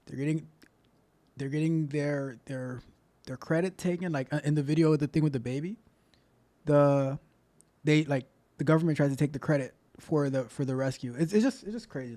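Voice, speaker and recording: A man with a medium-pitched, somewhat dark voice hosts his coding channel, giving casual reaction commentary. He talks loosely and rambles, repeating himself as he goes.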